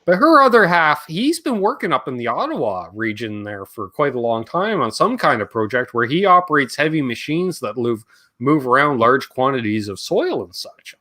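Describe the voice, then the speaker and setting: A man's voice: medium pitch, big pitch swings, normal speed, pushed and bright. A Canadian man hosting a live Q&A stream, casual and rambling, joking around and reading chat comments aloud.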